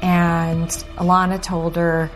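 A woman in an interview chiming in with excitement. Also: fairly low pitch, takes it slowly, soft background music. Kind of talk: interview recollection.

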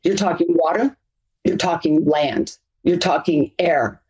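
A woman's voice: lowish voice, measured pace, darkish tone, breathy edge, poor audio. A middle-aged woman advocate answering interview questions earnestly, stacking up points in lists. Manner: earnest, emphatic, piles up lists. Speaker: interview guest, community advocate.

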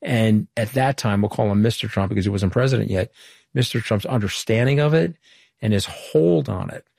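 A middle-aged man from Long Island tells his story in an interview, moving briskly from anecdote to anecdote and acting out bits of dialogue. His voice sits on the low side. The sound is close and dry, with no room around it. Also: creaky, a little mellow, slightly rough, no echo. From Long Island, New York. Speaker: interview guest, former political communications director. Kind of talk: candid storytelling interview answers.

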